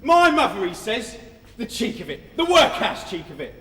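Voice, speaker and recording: A man's voice: high-pitched, wildly swooping pitch, moderate pace, a bit bright, full character voice. An actor playing a cocky, taunting young male undertaker's apprentice on a theatre stage, in amateur stage musical style. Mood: mocking. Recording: echoey hall from far off, music.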